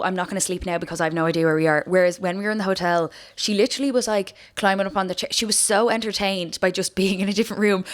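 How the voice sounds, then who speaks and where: A woman's voice: medium pitch, clear, resonant tone. A woman in her late twenties with an Irish accent, chatting casually in a vlog as she answers viewer questions, rambling, restarting and swearing freely. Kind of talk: casual chat.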